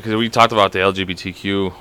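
A young man co-hosting a casual podcast, telling stories in an animated way and swearing a lot. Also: low voice, clear, resonant tone. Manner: fast, animated storytelling with lots of swearing. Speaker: podcast co-host.

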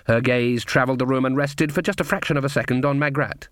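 A man giving a measured, scripted audiobook narration. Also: medium pitch, dry recording, clean studio sound. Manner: even, measured storytelling.

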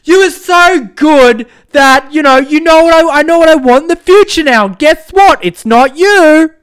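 A man putting on a mocking falsetto as a dismissive young woman, sneering his way through her excuses in a podcast bit. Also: measured pace, a bit bright. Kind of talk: podcast mockery.

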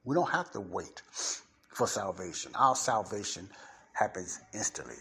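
Brief: male Bible teacher, Chicago accent, low-pitched, emphatic and repetitive podcast preaching. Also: big pitch swings, moderate pace, breathy edge. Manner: emphatic, repeats key points, punches up stressed words.

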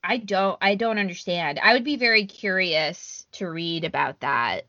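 A woman co-hosting a casual podcast, talking in an animated, chatty way. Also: lowish voice, normal speed, no echo. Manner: animated, chatty, lots of fillers and restarts. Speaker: podcast co-host. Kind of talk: casual chat. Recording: dry, slightly dull lo-fi audio.

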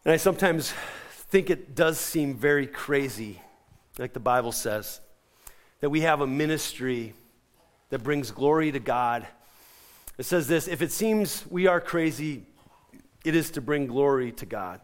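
A middle-aged male pastor preaching a sermon, telling a lively story with asides and questions to the congregation. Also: medium pitch, a little slow, long pauses.

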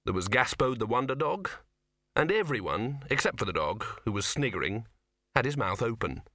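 Guy reading a comic fantasy audiobook, bright tense voice, dry close sound. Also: very animated, normal speed, no echo. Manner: reads all the characters in one voice, lifting pitch for dialogue. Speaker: audiobook narrator. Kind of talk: scripted narration.

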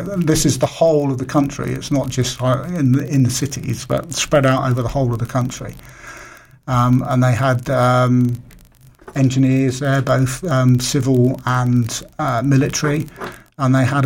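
Gravelly-voiced middle-aged man, halting. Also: medium pitch, a little mellow. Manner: halting, many fillers and restarts. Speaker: guest. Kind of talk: casual radio interview.

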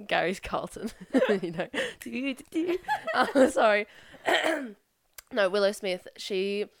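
A woman's voice: fairly high pitch, big pitch swings, extremely slow, creaky, no echo, studio quality. Nasal young woman chatting. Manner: giggly, rambling, casual slang. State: nasal from a cold. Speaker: podcast co-host. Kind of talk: casual chat. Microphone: headphones and podcast mic.

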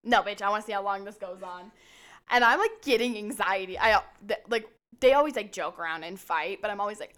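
A woman's voice: medium pitch, fairly quick, fairly bright tone. A young woman co-hosting a podcast, telling blunt, self-mocking stories in casual chat and swearing freely. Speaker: podcast co-host.

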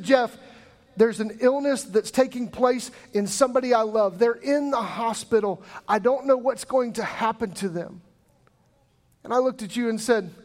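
A man preaching a sermon as pastor, telling the story with animated storytelling and acting out the voices of the people in it. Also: very high voice. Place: church sanctuary.

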